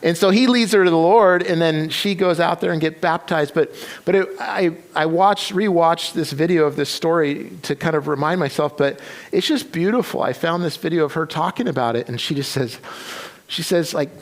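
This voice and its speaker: A man's voice: on the high side, moderate pace. A man preaching a sermon, retelling a story with many restarts and quoted voices. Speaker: pastor. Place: church sanctuary.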